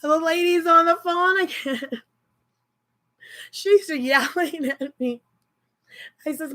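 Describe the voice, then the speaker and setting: Woman shopper venting a story on her vlog, high bright voice, animated and exasperated. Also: slow pace, pauses often. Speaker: grocery delivery shopper.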